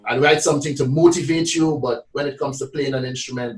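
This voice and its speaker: A man's voice: mid-range voice, steady tone, a little fast, reverberant, recorded from a distance, poor audio. A man interviewing a songwriter, asking questions in careful, slightly grand wording. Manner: articulate, slightly grand phrasing.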